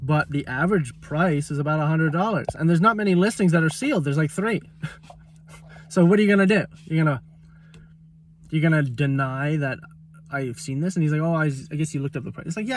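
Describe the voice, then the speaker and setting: A man's voice: on the high side, animated, brisk, recorded from a distance, a little hiss or hum. A man telling a heated, swearing story about a bad trade at a shop in a casual vlog rant, often mocking the other person's words. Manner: heated, exasperated, swears, quotes people mockingly. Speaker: vlogger.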